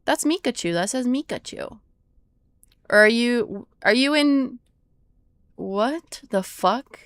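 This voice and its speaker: Young woman streamer, casual rambling chat; slow, smooth and clear, recorded dry and close. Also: fairly high pitch, animated, no echo. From United States. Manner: rambling and easily surprised, swears when startled. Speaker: livestreamer.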